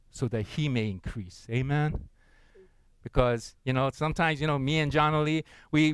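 A man's voice: mid-range voice, smooth, no room sound. A middle-aged man preaching a sermon, leading the congregation in reading aloud and checking in with frequent tag questions in an earnest, encouraging way. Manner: interactive, leads congregation in unison reading. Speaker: pastor.

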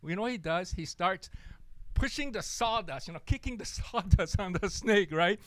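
A young man preaching a sermon, telling a story in an animated way and acting out the people in it. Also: sits high, moderate pace, no room sound. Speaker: pastor.

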